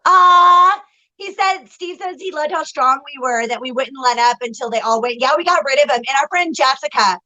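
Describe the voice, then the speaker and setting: Bright, high-voiced woman chatting on a live stream. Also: normal speed, lo-fi sound. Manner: animated, emphatic storytelling. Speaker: psychic reader and live-stream co-host. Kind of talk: casual live-stream chat.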